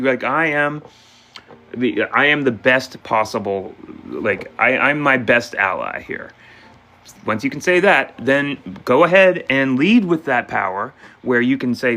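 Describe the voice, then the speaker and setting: A man doing a live tarot reading, playful and animated, talking straight to viewers and acting out their questions and answers. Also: medium pitch. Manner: voices questions and answers as quoted speech. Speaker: tarot reader taking questions.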